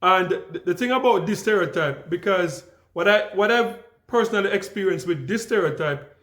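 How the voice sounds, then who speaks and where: A young Jamaican man tells stories to his viewers in a relaxed, unhurried way, full of restarts and fillers. His voice sits a bit high for a man. The room around him rings with echo. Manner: calm, easygoing, frequent restarts and fillers. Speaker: vlogger. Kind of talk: casual storytelling to camera.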